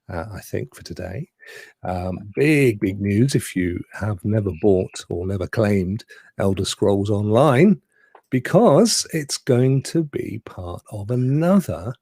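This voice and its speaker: A man's voice: lowish voice, creaky, dark tone, breathy edge, no room sound, clean studio sound. A man co-hosting a live gaming stream, chatting casually with rhetorical asides and frequent laughs. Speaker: podcast co-host.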